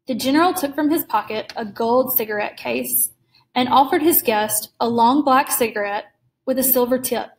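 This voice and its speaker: A woman reading a classic short story aloud in a measured, clear storytelling manner. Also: on the high side, poor audio. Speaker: reader.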